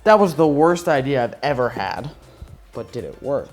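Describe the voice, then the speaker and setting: A man's voice: medium pitch, lively intonation, moderate pace, loud music behind the voice. A man vlogging his PC build in a casual, profane and sarcastic way, ranting in frustration as he works. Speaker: tech YouTuber.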